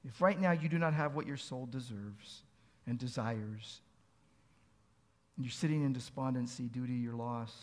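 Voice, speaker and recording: A man's voice: mid-range voice, normal speed, darkish tone. A man preaching a sermon as pastor, earnest, asking pleading rhetorical questions and building to emphatic peaks.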